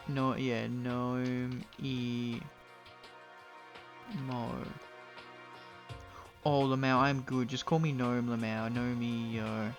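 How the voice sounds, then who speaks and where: A man with a medium-pitched, slightly bright voice live-streams a game. He gives casual gameplay commentary, talking to his chat and swearing freely.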